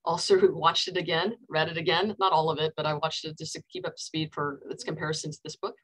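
A woman's voice: low voice, flat delivery, fast talker, husky, poor audio. Woman retelling a book over a call. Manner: retells scenes by acting out quoted dialogue. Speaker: counselor leading a book talk. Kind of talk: casual book discussion. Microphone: video call.

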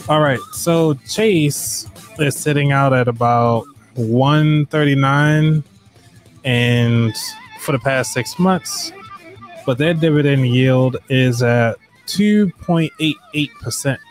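A man's voice: mid-range voice, slow. A man hosting a casual live chat about finances, chatty and full of fillers as he talks to viewers. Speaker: livestream host. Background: light background music.

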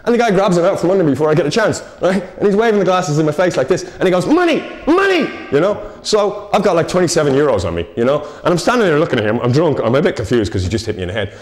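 A man's voice: on the high side, very animated, very fast, hardly any pauses. A man, co-presenting a local TV show and telling a rambling, self-mocking comic story.

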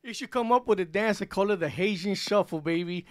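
A man's voice: high-pitched, a little fast, dry recording, studio quality. A man hosting an interview show, joking with his guest in casual chat and often repeating his first words. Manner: jokey, excitable, repeats words when starting. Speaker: radio host.

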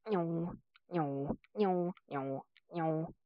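Low-voiced woman muttering while gaming. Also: drawn-out words, dry recording. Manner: mutters low-key commentary on her tries. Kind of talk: casual chat while gaming. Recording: dull lo-fi audio.

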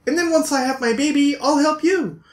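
A man's voice: extremely high pitch, brisk, voice pushed up. A man putting on the voice of a young pregnant woman who pleads for help. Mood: pleading. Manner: pleading, bargaining. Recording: echoey room.

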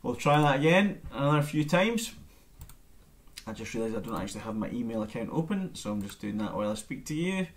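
A man giving a relaxed, chatty live-streamed bagpipe lesson from home into his camera mic. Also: mid-range voice, a little fast, slight background noise. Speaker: bagpipe teacher.

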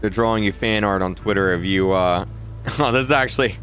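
A man's voice: fairly low pitch, fairly quick, fairly bright tone. A young man with an Australian accent, chatting casually on a gaming stream while he reads out messages from chat. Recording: game music under the voice.

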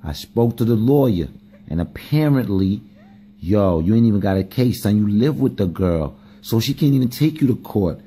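A young man doing comic, slangy commentary as a mock mediator, scolding and coaxing in animated bursts. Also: lowish voice, normal speed, husky. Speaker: comedic vlogger. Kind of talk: comic running commentary to dogs.

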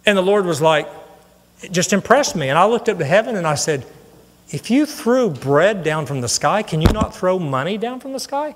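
A middle-aged man preaching a sermon, telling a personal story in an earnest, animated way. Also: high-pitched, moderate pace. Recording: long hall reverb.

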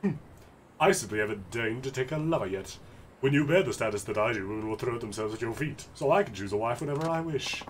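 A man's voice: medium pitch, animated, quick pace, slight background noise, lightly acted. A man voicing a pompous self-styled nobleman of thirty-five, who scorns others in grand, old-fashioned wording. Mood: haughty.

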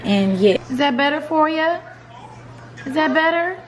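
A woman's voice: high voice, expressive, a little slow, slight background noise. A woman hosting a casual cooking vlog in her home kitchen, chatting straight to viewers as y'all. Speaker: vlogger host.

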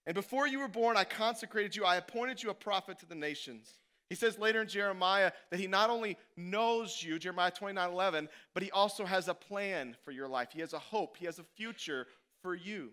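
A man preaching a sermon as pastor, animated and conversational, swinging from loud to hushed. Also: high voice, a little fast, clear, resonant tone. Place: church.

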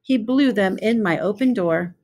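A woman's voice: mid-range voice, normal speed, a little mellow, lightly acted. A woman voicing a polite, odd male goat in a storybook reading, courteous and matter-of-fact.

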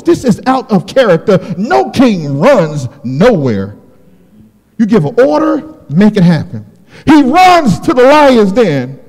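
A man preaching a sermon, telling a Bible story with dramatic, shouted climaxes. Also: very high voice. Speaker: pastor. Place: church sanctuary. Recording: long hall reverb.

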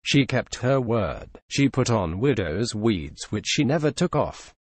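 A man narrating a classic story in a measured, expressive storytelling manner. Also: lowish voice, dry recording. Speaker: audiobook narrator. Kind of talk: scripted narration.

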